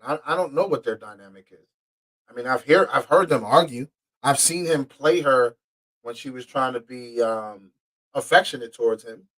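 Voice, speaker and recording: Profane, indignant man reading out court filings. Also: mid-range voice. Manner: profane, indignant, stumbles over words while reading; swings from muttered asides to loud outbursts. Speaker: podcast host. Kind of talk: angry commentary reading court documents aloud.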